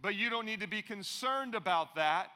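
A man's voice: high-pitched, lively intonation, moderate pace, bright, forceful tone. A middle-aged man preaching a sermon as pastor, telling stories with playful asides to the congregation. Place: large church auditorium. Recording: long hall reverb in a church.

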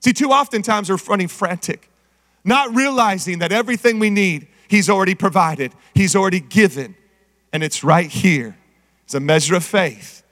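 A middle-aged man preaching a sermon, energetic and calling out to the congregation. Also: sits high, moderate pace. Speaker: pastor. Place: church sanctuary. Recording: reverberant church hall.

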